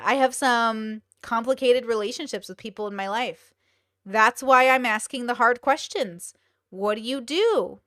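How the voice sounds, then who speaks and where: Hosting a casual live stream, a young woman speaks in a slightly high, somewhat bright voice. She's blunt, profane and exclamatory, stacking up rhetorical questions, and the audio is dry and close with no room sound.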